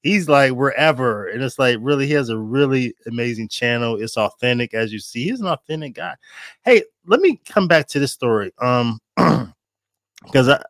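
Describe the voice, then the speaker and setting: A man's voice: mid-range voice, animated, moderate pace, fairly bright tone, no echo. Man, interview host, casual, friendly, dry recording.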